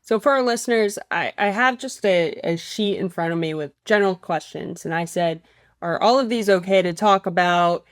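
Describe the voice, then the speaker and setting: A woman's voice: fairly low pitch, moderate pace, dry recording, studio quality. A woman hosting a podcast and teaching voice, asking questions in a thoughtful, chatty way. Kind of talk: casual podcast interview.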